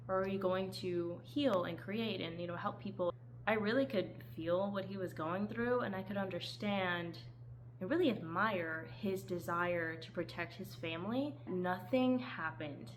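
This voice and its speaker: A woman's voice: medium pitch, a little hiss or hum, low-quality recording. A woman chatting casually as she reviews the books she read, often laughing and acting out lines with sudden lifts in her voice. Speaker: book reviewer. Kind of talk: casual book review chat.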